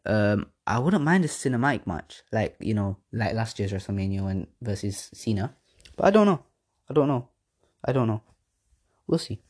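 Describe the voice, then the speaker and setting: A man's voice: lowish voice, very animated, normal speed, a little mellow. A man hosting a podcast, rambling through casual chat with slang, swearing and self-mocking laughs. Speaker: podcast host. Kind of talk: casual wrestling predictions chat.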